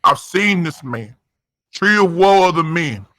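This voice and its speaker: A man doing over-the-top comedic wrestling commentary, dramatic and excitable. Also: high-pitched, moderate pace, no echo.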